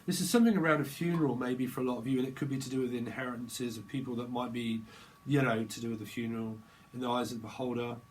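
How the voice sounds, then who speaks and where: A man's voice: mid-range voice, steady tone, fast talker, a little hiss or hum, low-quality recording. A man giving a rambling tarot reading, free-associating from word to word. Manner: rambling, free-associating, breaks into laughter and voices. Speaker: tarot reader.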